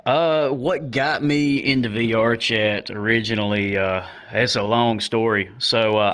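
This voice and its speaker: Bright-voiced young man telling stories. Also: on the low side. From United States. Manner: laid-back, swears a lot, loud bursts when quoting. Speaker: podcast guest, comedian. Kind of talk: casual storytelling chat.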